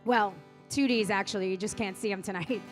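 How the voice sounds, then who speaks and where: A woman's voice: mid-range voice, fairly even intonation, fairly quick. A middle-aged woman with a Long Island accent, doing brash, profane stand-up and belting a comic song at a live venue. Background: guitar accompaniment.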